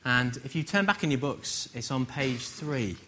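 A man from England giving a conversational sermon, gently humorous and full of rhetorical questions. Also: medium pitch, lively intonation, normal speed, a little hiss or hum. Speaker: preacher.

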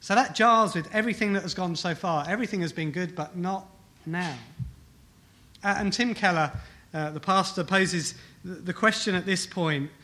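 Bright, emphatic man preaching a sermon. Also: high voice, normal speed. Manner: emphatic, rhetorical questions, repeats key phrases. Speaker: pastor. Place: church hall with congregation.

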